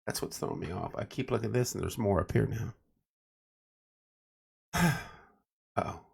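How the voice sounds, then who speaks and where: Tired gravelly man chatting on a livestream. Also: on the low side, expressive, normal speed. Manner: joking, chatty, reads viewer comments aloud. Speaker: livestream host. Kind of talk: casual late-night livestream chat.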